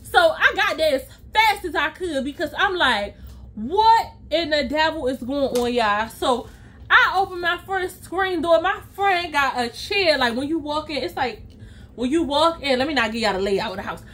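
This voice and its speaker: High-voiced woman telling a wild story. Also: normal speed. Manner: animated, with sound effects and acted-out quotes. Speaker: vlogger. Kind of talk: storytime vlog.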